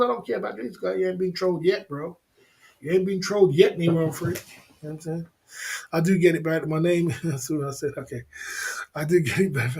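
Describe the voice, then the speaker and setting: A man's voice: on the high side, darkish tone. Chuckling man on a livestream. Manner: laughing, repetitive, slangy banter. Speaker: livestream host. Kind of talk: casual livestream chat to viewers.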